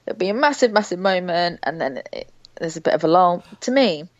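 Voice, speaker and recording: A woman's voice: fairly low pitch, expressive, a little fast, dry recording. Wry chatty woman, dry dull sound. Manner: chatty, wry, fluent with fillers. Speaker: TV critic guest. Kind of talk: casual chat.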